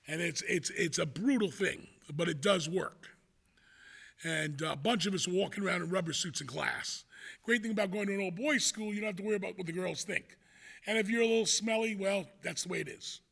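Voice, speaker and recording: This is an older New York man spinning a yarn from his school years. He speaks in a high, gravelly, husky voice. His telling is loose and conversational, full of little asides. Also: a bit bright. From New York City, the Bronx. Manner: conversational and rambling, with frequent "you know" asides. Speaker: storyteller. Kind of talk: casual spoken storytelling.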